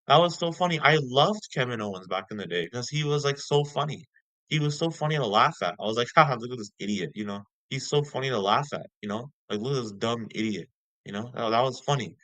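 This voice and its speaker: A young man ranting casually as a vlogger, repeating himself and filling every pause with "like" and "you know". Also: medium pitch, a bit bright, no echo, rough recording. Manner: ranting, heavy filler words, repeats himself. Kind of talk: casual rant.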